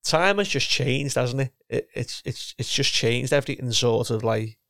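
Gravelly man, rambling football talk. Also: mid-range voice, moderate pace, fairly bright tone, no room sound, studio quality. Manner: rambling, repeats words, restarts often. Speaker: former footballer and coach, guest. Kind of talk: casual chat.

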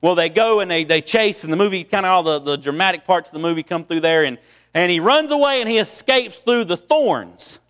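A man's voice: high voice, animated, a little fast, a bit bright, long reverb tail. A man preaching a sermon in a folksy way, often repeating phrases and restarting. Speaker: pastor.

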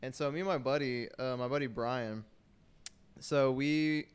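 Young man, casual storyteller, smooth clear voice, loose filler-heavy delivery. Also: mid-range voice, steady tone, unhurried. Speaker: storyteller in group chat. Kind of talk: casual chat.

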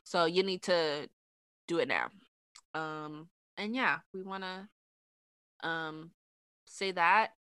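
Bright, animated young woman co-host. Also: lowish voice, takes it slowly, long pauses, smooth, no room sound, studio quality. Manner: animated, laughing, raises voice when emphatic. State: eating dinner while talking. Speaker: podcast co-host. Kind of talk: casual chat.

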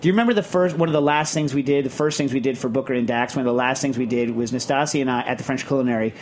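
A man hosting a casual radio chat show in a studio, talking in a rambling, emphatic, animated way. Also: mid-range voice, racing, a little hiss or hum.

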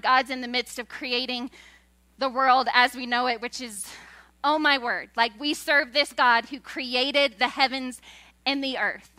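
Bright, high-voiced woman preaching. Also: no echo. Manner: animated, laughing asides, voices for quoted people. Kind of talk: sermon. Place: church stage.

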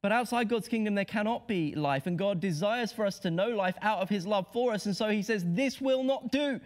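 A man preaching a Good Friday sermon, impassioned and rhetorical, dropping to hushed lows and rising to emphatic highs. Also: fairly quick.

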